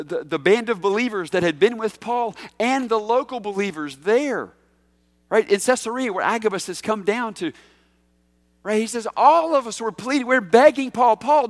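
A man preaching a sermon as senior pastor, shifting between slow emphatic phrases and quick asides, with sudden loud, high bursts when he voices a quoted figure. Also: no echo.

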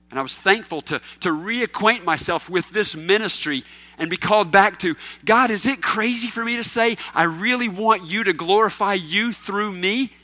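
High, bright-voiced preaching man. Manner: animated, swings between loud emphatic questions and quiet low asides. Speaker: pastor. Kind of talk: sermon.

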